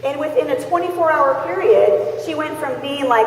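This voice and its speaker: A woman's voice: high-pitched, lively intonation, a little fast, hardly any pauses. A woman sales trainer giving a chatty motivational training talk, acting out scenarios and checking in with the audience, recorded in a large convention hall. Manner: chatty, tag questions, acts out scenarios. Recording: echoey convention hall from far off.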